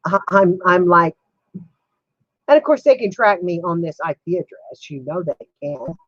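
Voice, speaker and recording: A woman's voice: fairly low pitch, lively intonation, moderate pace, dry recording, highs cut off. A woman hosting a casual live stream from her home computer, chatting with viewers and laughing helplessly. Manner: giggly, keeps laughing helplessly.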